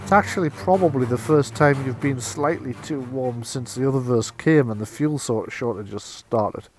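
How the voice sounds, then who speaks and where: A man's voice: mid-range voice, normal speed, faint music behind. Easygoing gm guy narrating a tabletop game, medium voice. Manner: relaxed, chatty, laughs easily. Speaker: game master.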